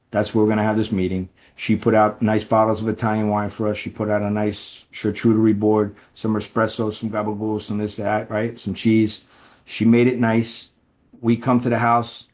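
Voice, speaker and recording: A man's voice: on the low side, darkish tone. A man who used to be an undercover informant, telling stories as a podcast guest with frequent restarts and "right?" tag questions. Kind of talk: conversational storytelling.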